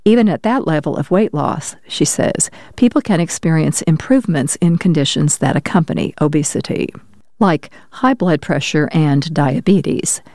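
A woman reading science news articles aloud in a measured, even scripted narration. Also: deep voice, dry recording, studio quality. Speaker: news reader.

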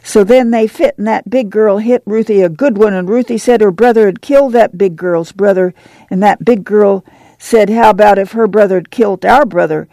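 An excited little farm boy tumbles through his story in a breathless, higher rural drawl, as a woman reader voices him. The tone is mellow and slightly gravelly, heard dry and close. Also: unhurried, dry recording.

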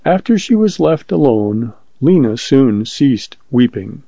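Male story narrator, gravelly and dark, dry muffled recording. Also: mid-range voice, dry recording.

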